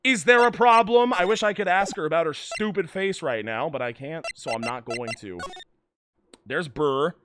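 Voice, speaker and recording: A man's voice: on the high side, moderate pace, noisy background. A man streaming a game, making sarcastic, jokey asides as he reads. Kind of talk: let's play commentary.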